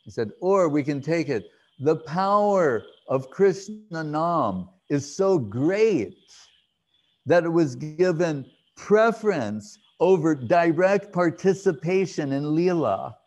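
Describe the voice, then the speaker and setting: A man giving a devotional lecture, telling a sacred story in a slow, reflective way with pauses and fillers. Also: on the high side, animated, a little mellow, muffled recording. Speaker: speaker giving a spiritual talk.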